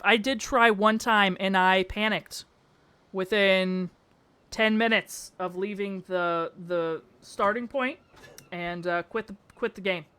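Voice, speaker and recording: A young woman with a medium-pitched voice chats casually with her live-stream audience. Her bubbly, slangy talk keeps bursting into excited shouts.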